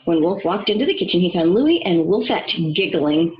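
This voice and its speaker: Woman, children's read-aloud, expressive, animated, muffled audio. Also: lowish voice, moderate pace, hardly any pauses. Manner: expressive, storytelling. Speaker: reader.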